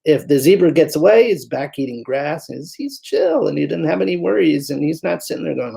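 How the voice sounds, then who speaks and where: A man with a gravelly, slightly husky voice talks through his ideas in an interview. He has an animated storytelling manner and often slips into voices for the people in his examples. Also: a little high, moderate pace. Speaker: guest physician. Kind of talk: conversational interview.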